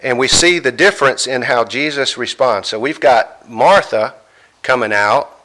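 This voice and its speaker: A man preaching a sermon, emphatic, pausing dramatically as he quotes scripture. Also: mid-range voice, sharp tone.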